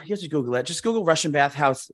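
A man's voice: fairly high pitch, racing. A man in his thirties co-hosting a podcast, telling long rambling stories in casual chat with lots of fillers. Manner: rambling, animated storytelling with many fillers. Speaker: podcast co-host.

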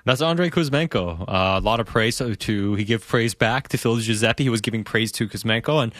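A man's voice: medium pitch, fairly bright tone, no echo, studio quality. Analytical male sports podcast host. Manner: analytical, quick runs of talk with rhetorical questions.

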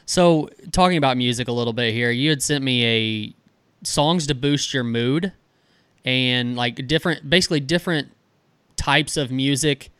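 A man co-hosting a casual podcast, relaxed and chatty and laughing often. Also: medium pitch, normal speed, smooth, no echo. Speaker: podcast co-host.

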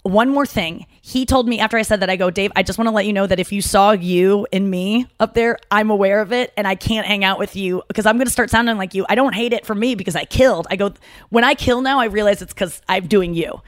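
A woman's voice: mid-range voice, quick pace, no room sound, studio quality. A young adult woman co-hosting a podcast, chatting casually and telling stories with lots of restarts and asides. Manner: rambling, animated storytelling with self-interruptions. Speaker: podcast co-host. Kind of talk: casual chat.

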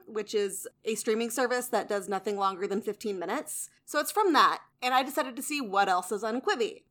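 A woman co-hosting a podcast in casual chat, chatty and animated, quick to laugh. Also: a little high. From American South. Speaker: podcast co-host.

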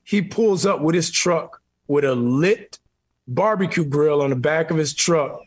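A man's voice: on the high side, measured pace. A man, telling laid-back stories as a guest in a casual chat. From New Orleans.

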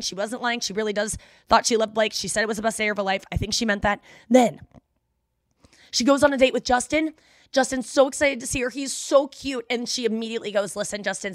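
A woman's voice: on the high side, fairly bright tone, dry recording, clean studio sound. A woman hosting a podcast, chatting in a gossipy, rambling way and recapping a reality show. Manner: gossipy, fast, uses 'like' a lot. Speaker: podcast host. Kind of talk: casual chat recap.

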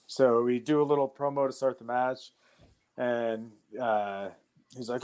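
Young male guest, mid-pitched, casual and animated storyteller, laughs easily between anecdotes. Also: unhurried. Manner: animated, laughs while telling stories, many fillers. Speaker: interview guest, wrestler.

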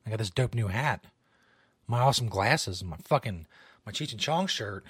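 A man's voice: lowish voice, animated, moderate pace, a bit bright, husky, dry recording, studio quality. A man hosting a comedy podcast, talking in a loose, rambling, self-mocking way, often swearing. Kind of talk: casual, profane show banter. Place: small home studio.

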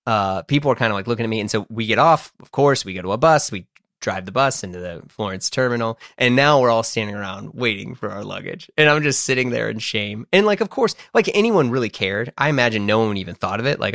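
A man's voice: on the low side, expressive, fast, gravelly, a bit bright, no echo, studio quality. A man casually telling a personal story, rambling and poking fun at himself. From United States. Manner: rambling, self-deprecating, full of fillers and restarts.

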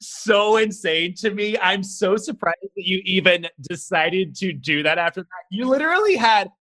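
Bright, excitable male interviewer. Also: high voice, moderate pace, no echo. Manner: excitable, incredulous. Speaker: interviewer, host. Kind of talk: casual interview.

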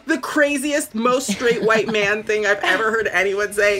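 Bright-toned female co-host, sarcastic and animated, casual chat. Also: mid-range voice, normal speed, few pauses. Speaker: podcast co-host.

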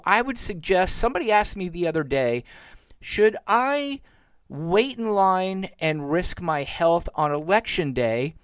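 Recording on a home mic with no echo, a Florida podcast host talks politics solo in a fairly high-pitched voice. He's sarcastic and gets increasingly heated.

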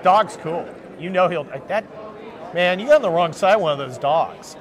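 A man co-hosting a podcast at a live event, joking loudly and calling out to people walking by. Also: high voice, lively intonation, normal speed. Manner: joking, loud, calls out to passersby. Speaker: podcast co-host. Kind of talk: casual chat at a live event. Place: busy conference floor. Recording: noisy crowded convention floor. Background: crowd chatter.

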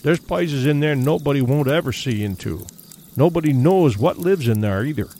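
A man's voice: mid-range voice, lively intonation, moderate pace, mellow, a little hiss or hum, close to an everyday voice. A man reading a grave backwoods guide. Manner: rough backwoods dialect, grave. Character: gruff backwoods guide, uneasy. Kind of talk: audiobook character reading.

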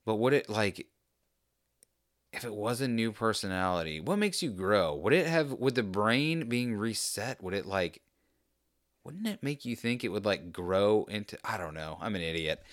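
A man's voice: lowish voice, sing-song, normal speed, no echo, clean studio sound. A man in casual chat, rambling off on tangents with jokey, self-deprecating asides.

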